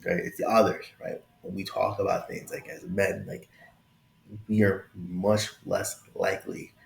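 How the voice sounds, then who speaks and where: Low gravelly man in a casual vlog. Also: flat delivery, a little slow, roomy sound, a little hiss or hum. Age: late 20s to early 30s. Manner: conversational, keeps adding "right?", affectionate and open. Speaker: tech video host. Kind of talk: casual talking-head vlog.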